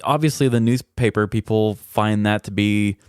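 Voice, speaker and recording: A man's voice: on the low side, moderate pace, a little mellow, smooth, no room sound. A man co-hosting a podcast in casual chat, easygoing and dropping dry quips. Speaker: podcast co-host.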